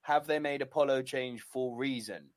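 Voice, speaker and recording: A young man co-hosting a casual podcast chat, animated and swearing freely. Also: medium pitch, normal speed, no echo. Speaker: wrestling podcast co-host.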